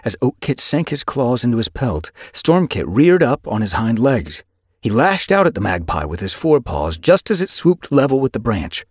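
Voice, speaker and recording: A man narrating an audiobook with expressive storytelling. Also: mid-range voice, normal speed, breathy edge, no room sound, studio quality. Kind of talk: scripted narration.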